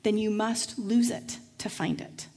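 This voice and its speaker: A middle-aged woman pastor delivering a sermon, telling a lively personal story and acting out the voices of the people in it. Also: mid-range voice, a little slow, husky. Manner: storytelling, acts out voices in anecdotes.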